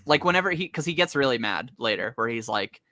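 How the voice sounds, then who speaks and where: Man, co-host, casual chat, bright edgy tone, dry close sound, rambling fillers. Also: medium pitch, expressive, fast, no room sound. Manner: rambling, heavy use of "like" fillers; laughs often. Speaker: comic podcast co-host.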